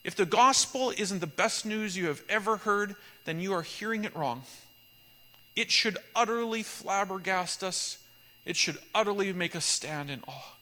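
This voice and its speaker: Bright-voiced male pastor preaching in an echoey hall. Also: sits high, normal speed. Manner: emphatic, repetitive litany delivery. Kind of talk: sermon.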